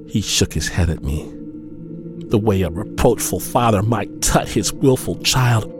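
Slow, grave male storyteller. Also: lowish voice, animated, over music. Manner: measured, grave, with dramatic pauses. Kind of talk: dramatic storytelling narration.

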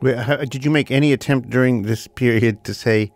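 A man's voice: medium pitch, a little fast, darkish tone. A male co-host asking teasing, incredulous questions during an interview. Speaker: radio show co-host. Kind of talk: playful interviewing.

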